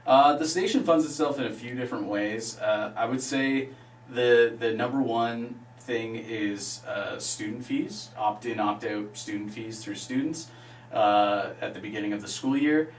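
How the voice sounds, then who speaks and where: A man's voice: medium pitch, recorded from a distance. Man, radio station staffer, hesitant, lots of uh, faint hum behind. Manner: hesitant, many "uh" pauses. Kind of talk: explaining in an interview. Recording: echoey room, off-mic, faint hum.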